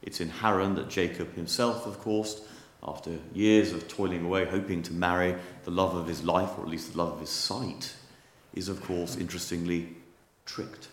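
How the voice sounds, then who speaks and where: A man preaching a sermon, telling stories in a measured, wry manner. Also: low voice, fairly even intonation, roomy sound. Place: church.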